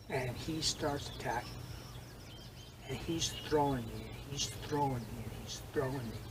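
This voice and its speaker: An older man telling vivid stories in an interview, acting out quoted lines and swinging between loud and hushed. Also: mid-range voice, normal speed, noisy background. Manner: animated storyteller, acts out quotes, swings loud and soft. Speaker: interviewee, former judo training partner. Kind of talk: storytelling interview.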